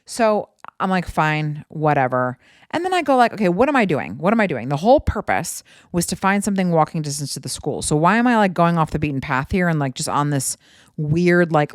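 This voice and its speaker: A woman's voice: low-pitched, dry recording, clean studio sound. Chatty woman telling a story at home. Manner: chatty, rambling, many "like" and "right?" asides. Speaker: podcast host. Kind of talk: casual storytelling monologue.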